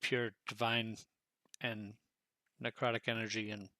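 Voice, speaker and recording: A man's voice: on the low side, level tone, measured pace, bright, forceful tone, no room sound. A man playing a tabletop game, speaking in a wry, skeptical way. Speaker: player. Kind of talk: tabletop game role-play.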